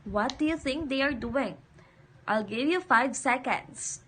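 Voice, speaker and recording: A woman teaching a phonics lesson to young children, saying each word slowly and repeating it for the class to echo. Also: high-pitched, a bit bright, slight background noise.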